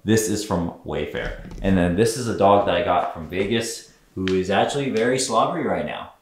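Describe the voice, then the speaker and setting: A man's voice: low voice, animated, moderate pace, few pauses, roomy sound, a little hiss or hum. A man in his twenties from Southern California gives a casual, upbeat home tour vlog, walking from room to room with lots of fillers. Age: 20s. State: a bit out of breath at times. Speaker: vlogger.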